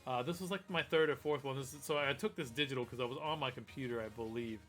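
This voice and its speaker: A man's voice: medium pitch, quick pace, a bit bright, soft background music. A man hosting a casual live stream, rambling with lots of fillers and restarts. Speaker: host.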